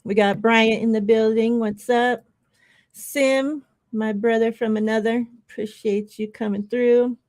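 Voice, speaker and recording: A woman's voice: fairly high pitch, steady tone, a little slow, darkish tone. A woman co-hosting a sports podcast over an online call, greeting the live chat by name in a friendly way and talking casually. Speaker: podcast co-host.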